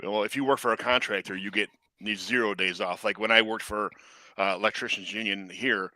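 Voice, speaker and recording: A man from the United States hosting a podcast, chatting casually in a quick, animated way. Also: lowish voice, no echo. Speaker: podcast host. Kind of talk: casual interview chat.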